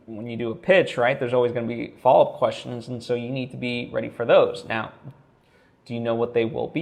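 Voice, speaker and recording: A man's voice: mid-range voice, vocal fry. A man talking straight to camera in a casual vlog, thinking aloud with lots of fillers and restarts. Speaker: vlogger.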